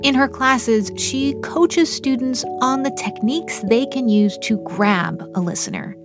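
A woman hosting a show, narrating and interviewing in a measured presenter voice. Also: high voice. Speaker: radio show host. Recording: studio voice with music underneath.

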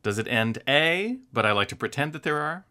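A woman co-hosting a talk show, reading quiz options aloud in a teasing, lively way. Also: rumbling low, brisk. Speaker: co-host.

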